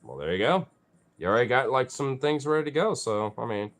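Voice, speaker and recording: Casual vlog voice, rambling, lots of fillers, animated pitch, teasing pets. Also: a little fast, soft background music. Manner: rambling, full of "you know" and "like"; teasing and swearing playfully at pets. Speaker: vlogger.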